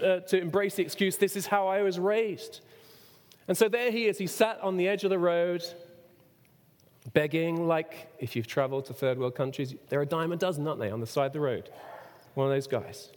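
Preacher with a lively, ringing voice in a hall. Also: male voice, high voice. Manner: expressive preaching, rhetorical questions, sudden shouts. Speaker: pastor. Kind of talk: sermon. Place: church. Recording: long reverb of a church hall.

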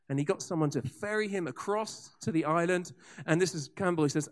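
A man preaching a sermon, telling revival stories with lively asides and frequent restarts. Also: fairly high pitch, fast talker. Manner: animated storyteller with asides and restarts. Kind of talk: sermon storytelling.

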